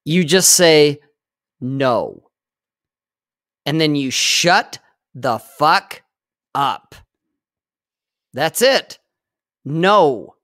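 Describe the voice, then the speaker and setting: A man's voice: on the high side, expressive, extremely slow, long pauses, fairly bright tone, no echo, clean studio sound. A man in his forties chatting casually, blunt and profane, hammering his points home. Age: 40s. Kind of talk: casual chat.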